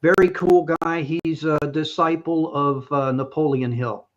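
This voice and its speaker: An older man hosts a talk show in a chatty, meandering way. He often restarts his sentences and adds light jokes. His voice sits a little high, and the recording sounds dull and lo-fi. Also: a little slow. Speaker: show host. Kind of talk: casual talk-show hosting.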